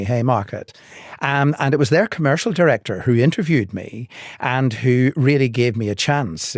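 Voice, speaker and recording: An older man from Northern Ireland, speaking with that accent, is a guest on a podcast interview, recounting stories from his career. He's measured and articulate with a dry wit, and his voice sits at an ordinary pitch. The recording is dry and close, with no room sound and no echo.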